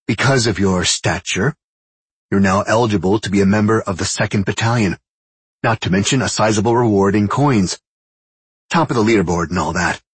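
A man doing a brisk woman commander. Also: on the low side, slightly rough, no echo, voice pushed up. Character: brisk senior woman officer giving orders.

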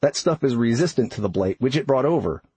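A practical retired man in his sixties with a Minnesota accent, as a man puts him on. He talks slowly and enunciates every word, with a husky, breathy tone. It is dry and close. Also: mid-range voice, lively intonation, a little mellow, dry recording. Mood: explaining. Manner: slow, carefully enunciated. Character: older retired man, practical, plain-spoken.

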